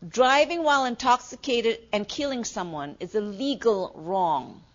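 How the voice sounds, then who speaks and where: A middle-aged woman lectures a class in a conversational way, her voice a little high. She checks in with the room often with a quick "okay?" The recording sounds dull and lo-fi. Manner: conversational, asks the class questions, many "okay"s. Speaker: nursing instructor.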